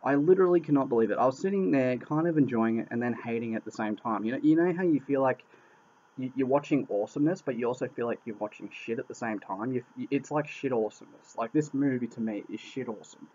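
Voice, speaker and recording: A man's voice: mid-range voice, fast, warm tone. A man giving a casual spoken film review. He sounds exasperated, swears a lot and keeps repeating himself. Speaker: movie reviewer. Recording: dull lo-fi recording.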